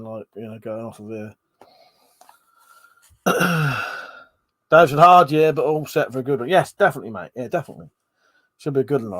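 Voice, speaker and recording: A man's voice: mid-range voice, a bit bright, dry recording. Chatty man on a livestream. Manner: swears freely, chatty, reads viewer comments aloud. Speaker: livestream host. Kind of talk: casual livestream chat reading comments.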